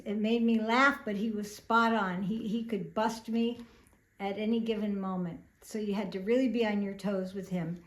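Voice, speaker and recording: A woman's voice: medium pitch, steady tone, measured pace. A woman of older years hosting a self-help talk, telling stories in an earnest, reflective way with small fillers. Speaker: host. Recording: roomy echo.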